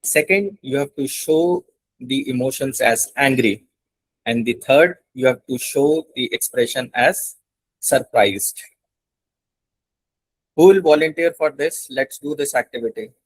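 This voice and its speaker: A man's voice: mid-range voice, a little slow, no room sound, poor audio. A man with an Indian English accent leads a class over a video call. His voice sits mid-range, in a dry, close setting. He explains patiently and circles back to stress each point. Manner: instructive, repeats points for emphasis. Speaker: internship instructor. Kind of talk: online class teaching.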